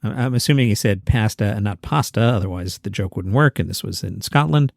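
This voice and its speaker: A man's voice: on the low side, fairly quick, gravelly, no echo. A man hosting a comedy news podcast in casual commentary, wry and sarcastic as he reads jokes aloud from a home studio.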